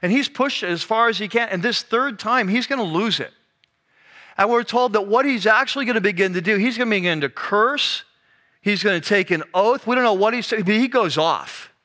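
A male pastor giving a conversational, animated sermon, acting out the scenes he describes. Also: high-pitched, normal speed.

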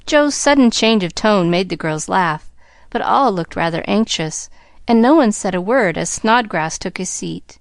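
A woman reading a classic novel aloud as an audiobook narrator, clear and measured. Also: medium pitch, lively intonation, no room sound, clean studio sound. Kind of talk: storybook narration.

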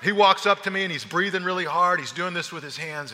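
A middle-aged man preaching a sermon, an animated storyteller who acts out his own lines. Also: high-pitched, quick pace. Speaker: pastor. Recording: long hall reverb.

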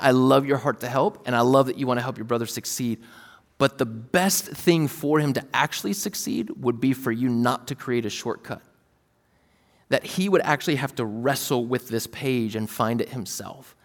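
Male pastor, 30s, relaxed storytelling sermon delivery, mid pitch, reverberant hall. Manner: casual, storytelling, acts out his kids' voices.

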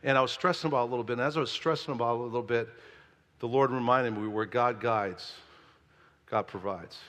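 A man preaching as pastor, telling a story in a lively, conversational way. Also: medium pitch, fast talker. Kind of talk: sermon. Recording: long hall reverb.

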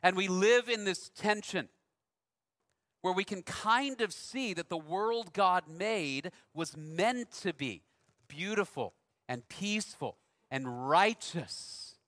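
High, bright-voiced preacher telling a story. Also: male voice, slow pace, big-room sound. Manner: conversational, self-deprecating storyteller. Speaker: pastor. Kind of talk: sermon with a personal story.

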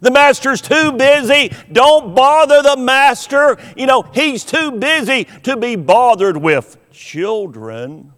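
A man's voice: sits high, lively intonation, slow, hardly any pauses, a bit bright, big-room sound, heavily acted. A man preaching who voices disciples brushing children aside, brusque and dismissive.

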